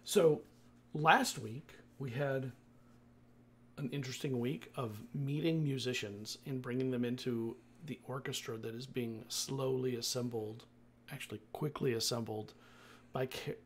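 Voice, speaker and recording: A man's voice: mid-range voice, steady tone, a little slow, slight background noise. A man acting as game master, recapping the last session of a tabletop game in a loose, chatty way that often corrects itself.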